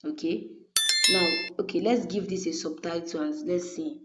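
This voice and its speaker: A woman's voice: lowish voice, moderate pace, background noise. A woman teaching graphic design in a patient, step-by-step way, often checking in with her viewers. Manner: patient, repeatedly checks in with "okay?". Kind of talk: screen-recorded design tutorial. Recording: dull lo-fi recording.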